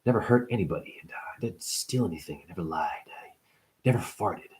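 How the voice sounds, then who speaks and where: A hushed, low-voiced Buddha, as a man puts him on drones through a list of everything he never did. The voice drops well under the speaker's usual pitch and goes soft, nearly to a whisper. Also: lively intonation, fairly quick, rough recording. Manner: hushed, listing. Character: imagined male Buddha listing his virtues.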